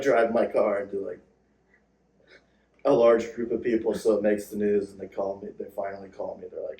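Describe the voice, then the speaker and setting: A man co-hosting a comedy podcast, trading jokes in casual banter with a deadpan, self-deprecating delivery. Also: lowish voice, a little hiss or hum. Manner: deadpan, self-deprecating, laughs at his own bits. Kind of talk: casual joke-writing banter. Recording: echoey room, mic at a distance.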